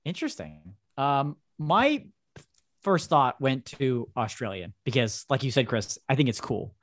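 A man's voice: medium pitch, very animated, a little slow. A man co-hosting a casual podcast, talking playfully and laughing easily. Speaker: podcast co-host. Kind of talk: casual chat.

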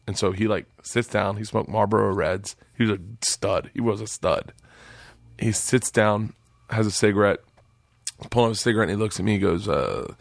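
A man in his forties, a comedian telling long, animated stories in a casual chat, swearing freely. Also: on the low side, a little fast, creaky, no echo, clean studio sound. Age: 40s. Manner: animated, profane storyteller. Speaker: comedian guest.

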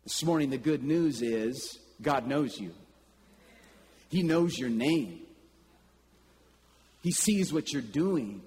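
Slow-speaking preacher in a reverberant hall. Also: male voice, medium pitch, lively intonation, slightly rough. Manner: storytelling, slow and deliberate with sudden loud bursts. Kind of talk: sermon. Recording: long reverb with faint ambience.

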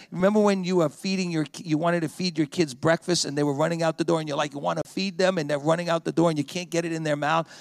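A man preaching as a pastor, his voice a little high and gravelly. He moves between emphatic scripture and a slow, quiet hush of prayer. The sound is close and dry. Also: dry recording. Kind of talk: sermon.

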